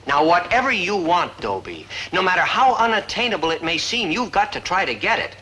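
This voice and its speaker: A man's voice: high voice, big pitch swings, brisk, pushed and bright, slight background noise, full character voice, low-quality recording. An actor playing a long-suffering male schoolteacher who lectures in a wry, theatrical way, in an old sitcom. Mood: lecturing. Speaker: teacher. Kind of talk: 1950s-60s sitcom acting.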